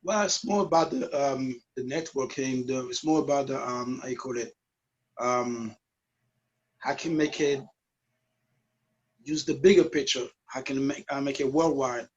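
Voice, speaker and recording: A man's voice: medium pitch, unhurried, long pauses, dull audio. A man in his forties with a Guadeloupean French accent, speaking as a guest on a video call and searching for his words. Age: 40s.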